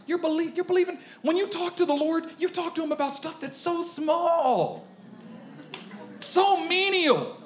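A man preaching a sermon to his congregation, animated and conversational, raising his voice as he drives points home. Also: very high voice, a little slow, a little hiss or hum. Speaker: pastor. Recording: roomy echo.

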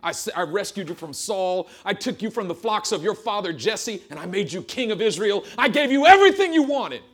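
A man preaching a sermon, voicing the Lord as a stern figure who sternly rebukes a king, loud and raised in pitch. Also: animated, a little fast, slightly rough. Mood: rebuking.

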